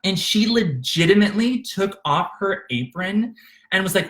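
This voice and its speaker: A man tells his own life story in a bright, ringing voice that rises and falls in a lively way. He talks candidly and with feeling, catching himself with fillers and restarts as he goes. It sounds like a close studio microphone. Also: high voice, moderate pace. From Arkansas, USA. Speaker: author narrating his memoir. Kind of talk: unscripted memoir narration.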